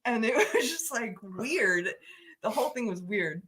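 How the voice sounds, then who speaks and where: A woman hosts a casual livestream and tells a story with animated energy, often breaking into laughter. Her voice is bright and forceful. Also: a little high, measured pace. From United States. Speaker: host.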